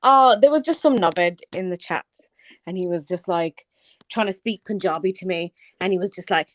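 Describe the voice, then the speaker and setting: A woman chatting as a guest on a live online panel, teasing with dry, drawn-out banter. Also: on the low side, a little hiss or hum. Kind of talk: casual chat.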